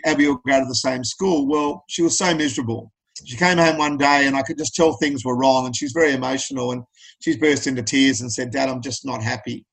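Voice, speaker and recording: A man's voice: mid-range voice, fairly bright tone, breathy edge, poor audio. A middle-aged Australian man speaking as a podcast guest, telling personal stories in an earnest, plain-spoken way. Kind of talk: candid interview talk.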